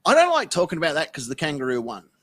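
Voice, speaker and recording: A man's voice: a little high, fast, no echo. Swearing Australian man, dry sound. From South Melbourne, Australia. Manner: swearing, deadpan tall tales. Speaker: interview guest. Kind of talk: casual podcast chat.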